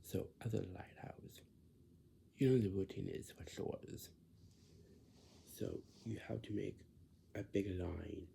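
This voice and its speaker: Slow, gravelly man explaining at length. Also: low-pitched, mellow, slight background noise. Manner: repetitive, halting, drifts into whispers. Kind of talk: casual spoken explanation.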